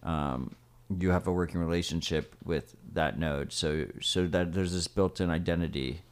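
Deep-voiced chatty podcast co-host man. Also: moderate pace. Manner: chatty, explains with "like" and "right?". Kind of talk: casual chat.

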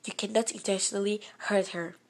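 Lady playing a stern principal, loud n slow, bossy, kinda gravelly. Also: mid-range voice, fairly even intonation, close to an everyday voice. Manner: loud, commanding, slow and clipped. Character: stern, threatening male school principal. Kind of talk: storytime impersonation.

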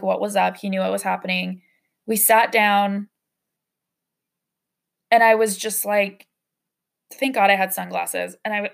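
Young woman, podcast host, candid storytelling, gravelly voice, mid pitch. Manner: candid, emotional, with frequent fillers and swearing. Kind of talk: personal storytelling monologue.

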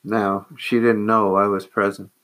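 Male monk storyteller; low, monotone voice, earnest, measured, a little halting. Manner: measured, earnest, with hesitant pauses. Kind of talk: personal storytelling.

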